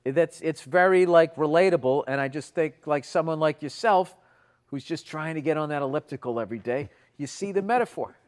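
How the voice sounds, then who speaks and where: Blunt podcast guy, swears, rants quick and a bit high. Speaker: podcast co-host. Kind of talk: casual chat.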